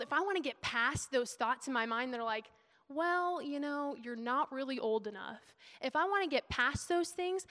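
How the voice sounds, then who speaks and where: A young woman preacher with a high, bright, forceful voice delivers a chatty, emotional sermon, often laughing. The recording has a long hall reverb.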